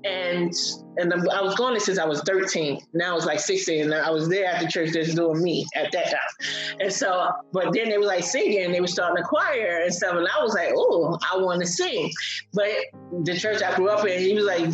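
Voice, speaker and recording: A woman telling a personal faith testimony in a casual, animated way on a broadcast. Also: fairly low pitch, moderate pace, reverberant, highs cut off, faint music behind. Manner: animated storyteller, laughs and cries while recalling. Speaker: guest sharing testimony.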